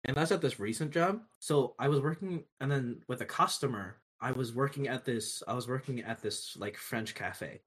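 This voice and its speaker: A young man in casual chat, telling animated, profane workplace stories and laughing often. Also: mid-range voice, moderate pace, hardly any pauses, husky. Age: young adult.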